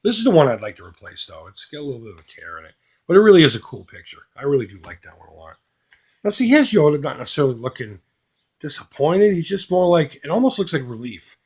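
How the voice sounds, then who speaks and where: A man casually showing off a box of collectibles, joking crudely and doing quick mocking voices for the pictures. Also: on the high side, very animated, a little mellow, husky. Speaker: retro collecting YouTuber. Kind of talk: casual unboxing commentary.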